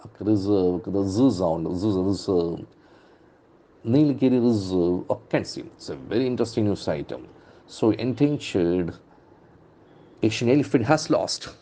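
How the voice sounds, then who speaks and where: Man teaching English, deep mellow voice. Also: lively intonation, normal speed. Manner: drills pronunciation by repeating words with stressed syllables. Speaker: English trainer. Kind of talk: newspaper vocabulary lesson.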